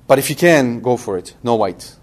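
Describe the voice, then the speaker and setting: A man's voice: medium pitch, normal speed. A priest teaching a Bible study in a conversational way, speaking directly to his listeners and asking them questions. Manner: lively, talks directly to the audience with questions.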